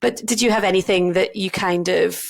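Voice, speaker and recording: Gravelly-voiced woman in casual podcast chat. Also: mid-range voice, moderate pace. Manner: animated, laughs often, trails off and restarts. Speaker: podcast co-host, doctor in GP training.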